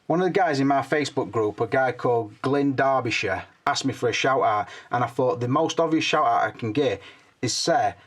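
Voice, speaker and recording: An older man, chatting frankly through a hands-on toy review and swearing casually. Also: mid-range voice.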